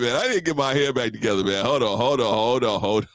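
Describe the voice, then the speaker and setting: A man's voice: medium pitch, animated, fast, no echo. A man hosting a reaction show, mocking and laughing as he comments. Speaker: host.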